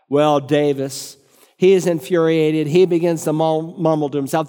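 A man's voice: on the high side, normal speed, mellow, clear, resonant tone, long reverb tail. A man preaching a sermon as pastor, telling vivid illustrative stories.

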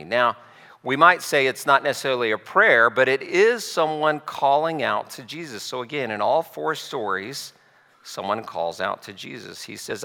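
A man preaching a sermon, retelling stories in a conversational, explanatory way with pauses. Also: medium pitch, lively intonation, creaky, bright, forceful tone, in a large hall. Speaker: pastor.

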